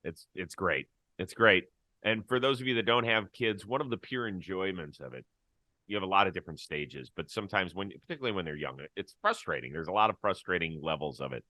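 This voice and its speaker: A man's voice: deep voice, expressive, a little fast, bright, forceful tone, no room sound. A man hosting a sports talk show, chatting in a wry, easygoing way and laughing easily. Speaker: host.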